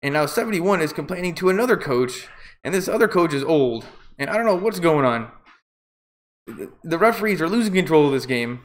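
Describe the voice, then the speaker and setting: A man's voice: on the high side, lively intonation, a little fast. A man doing casual live play-by-play commentary, rambling and opinionated with jokey asides.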